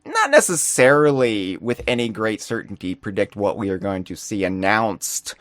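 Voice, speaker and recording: A man co-hosting a casual live-streamed podcast, chatting playfully with quick asides and rambling tangents. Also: lowish voice, big pitch swings, fairly bright tone, no echo, studio quality. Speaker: podcast co-host.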